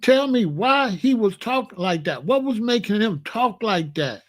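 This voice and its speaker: Animated but unhurried, this high-voiced man hosts a live reaction stream for his commentary channel, talking loosely to chat, saying things more than once, and asking the audience questions.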